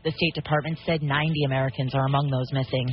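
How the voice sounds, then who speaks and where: A woman reading the news headlines on a radio show in a steady, clear delivery. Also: extremely low pitch, fast. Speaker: radio newsreader. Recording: lo-fi radio broadcast with faint noise.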